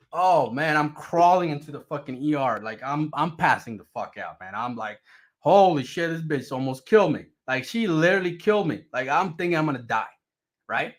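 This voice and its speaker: A man telling a personal story in a casual, profane and dramatic way. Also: mid-range voice. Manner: profane, animated, dramatic retelling.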